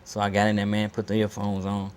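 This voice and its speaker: A man's voice: on the low side, quick pace, very noisy. A man telling a story with life, acting out quotes and laughing as he goes. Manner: animated, acts out quotes, laughs while telling. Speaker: interviewee, former performer. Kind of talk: lively storytelling.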